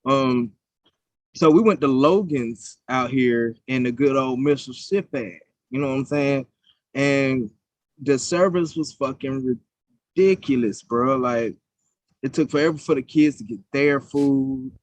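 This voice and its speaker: A man's voice: mid-range voice, measured pace, dry recording. A young man co-hosting a podcast, telling stories in a casual, profane, heated way. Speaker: podcast co-host. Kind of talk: casual chat.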